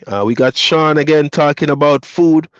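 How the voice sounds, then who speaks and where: Jamaican man, Patois native, high-pitched, relaxed livestream chatter answering comments; dry, muffled audio. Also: normal speed, no room sound. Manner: reads viewer comments aloud and chats back, easygoing, laughs often. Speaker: truck driver streamer. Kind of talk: casual livestream chat. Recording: dull lo-fi dry sound.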